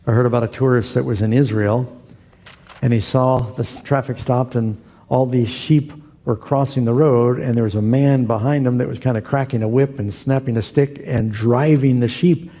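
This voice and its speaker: A man's voice: medium pitch, fairly even intonation, normal speed, dark tone. A male pastor preaching a sermon, telling stories and acting out the quoted voices.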